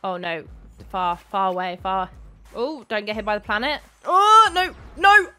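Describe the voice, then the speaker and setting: A young woman, chatting casually as she commentates her own gameplay, excitable and quick to shriek. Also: mid-range voice, clear, resonant tone, soft background music. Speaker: gaming YouTuber.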